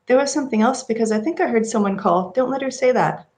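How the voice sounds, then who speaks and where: A woman reading a horror story aloud, speaking as an eerie, calm little girl in a flat, matter-of-fact way. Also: on the high side, quick pace, lightly acted. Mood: uneasy. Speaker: reader.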